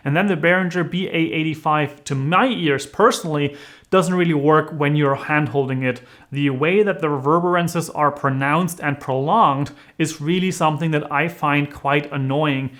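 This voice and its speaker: A man's voice: fairly high pitch, normal speed, fairly bright tone. A man reviewing microphones into a handheld vocal mic, explaining each test in a methodical way. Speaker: tech reviewer.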